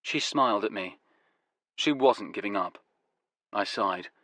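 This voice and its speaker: A man reading a first-person story aloud in a wry, deadpan way. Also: on the low side, measured pace, no echo. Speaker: audiobook narrator. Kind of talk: first-person scripted narration.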